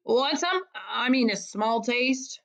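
A woman voicing a grumpy old male porcupine in a storybook reading, gruff and blunt, on a dull lo-fi recording. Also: on the high side, expressive, takes it slowly, fairly bright tone, heavily acted.

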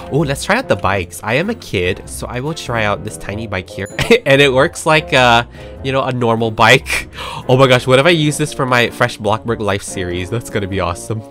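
An excitable young man walks through a game update, gasping and squealing constantly. His voice swings widely in pitch and sits at an ordinary middle height. Faint music plays under his talk. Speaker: gaming YouTuber.

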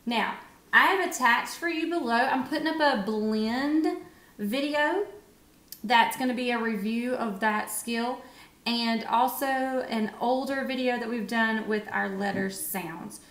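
A woman teacher giving a phonics lesson to young children, encouraging and sounding out words with pauses. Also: a little high. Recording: echoey room.

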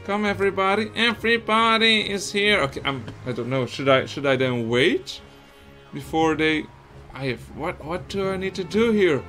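A young Belgian man with Dutch as his first language, giving excitable, swear-heavy let's-play commentary with lots of laughing. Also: sits high, normal speed, faint music behind. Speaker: gaming streamer.

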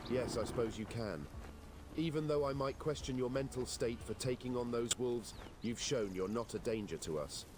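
A man's voice: mid-range voice, moderate pace, noisy background, lightly acted. A man voicing a proud, condescending village elder in a game, speaking formally.

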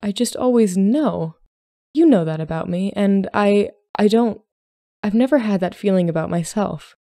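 A woman's voice: mid-range voice, a little slow, dark tone, no room sound, studio quality, lightly acted. A woman voicing an earnest, anxious young Regency lady.

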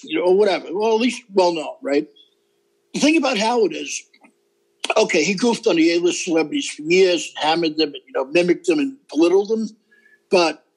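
A man's voice: high voice, poor audio. A middle-aged man, a comedian guest, talking emphatically and rambling in a casual interview, often seeking agreement.

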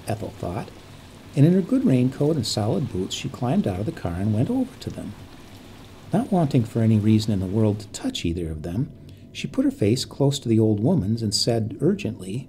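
Male storyteller, bedtime story reading, warm mellow tone, lively intonation, calm and measured. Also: mid-range voice, slight background noise.

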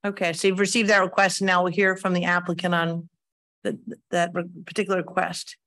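A woman chairing a county planning commission meeting, moving through the agenda in a relaxed, slightly halting way. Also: on the low side.

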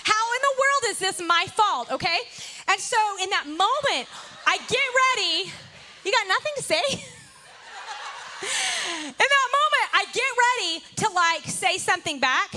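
Bubbly woman preacher telling a story, super high voice, bright. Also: normal speed. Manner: animated, playful storytelling to a congregation. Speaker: pastor. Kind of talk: storytelling sermon. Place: church service.

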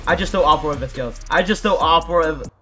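A man giving excitable, chatty gameplay commentary and teasing other players in a playful way. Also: on the high side, fast, soft background music. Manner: excitable, chatty, playful mock trash talk. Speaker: gaming YouTuber.

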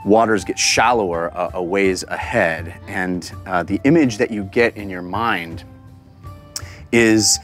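A woman narrating as game master of a tabletop game, halting with fillers as she describes the scene. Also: very deep voice, faint music behind.

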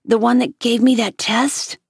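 A woman voicing an anxious ten-year-old boy with a gravelly, plaintive tone in a storybook reading. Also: fairly high pitch, little pitch movement, a little slow, no echo, clean studio sound, pitched above the performer's own voice, full character voice. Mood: indignant. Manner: plaintive, pleading questions.

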